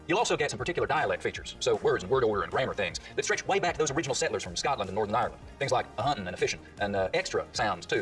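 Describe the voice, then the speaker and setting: A man's voice: mid-range voice, sing-song, rapid-fire, hardly any pauses, fairly bright tone, recorded from a distance, faint music behind. A man hosting a scripted lesson on regional accents, sounding out vowels as he explains them. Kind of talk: scripted educational narration.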